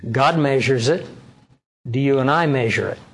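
Preaching at a moderate pace, this man's mid-range voice carries a breathy edge. As a pastor, he reads passages of scripture aloud and explains them, challenging his congregation with rhetorical questions.

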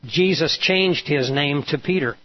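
A man's voice: a little high, measured pace. A male pastor preaching a sermon, retelling a story and voicing the quoted lines with emphasis. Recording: dull lo-fi sound.

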